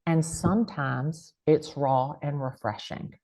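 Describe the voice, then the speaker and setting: A woman with a thick American country accent speaks in a low, full voice. She talks emphatically, dropping folksy catchphrases as she gives advice in an interview. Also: slow, a little mellow. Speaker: real estate agent and guest speaker. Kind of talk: motivational interview talk.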